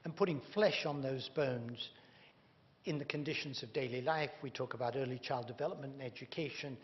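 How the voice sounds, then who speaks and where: A man's voice: mid-range voice, fairly quick. A man giving a public lecture, emphatic and wry, leaning hard on key words. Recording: dull reverberant hall recording with faint hum.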